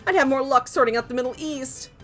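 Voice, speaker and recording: Woman playing a snippy woman, sarcastic, whiny, high. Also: fast talker, fairly bright tone, soft background music.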